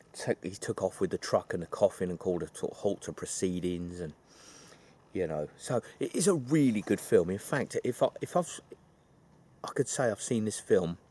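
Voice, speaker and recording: A man's voice: low-pitched, mellow. A man retelling a film plot in a rambling, chatty way, full of asides. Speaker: film reviewer.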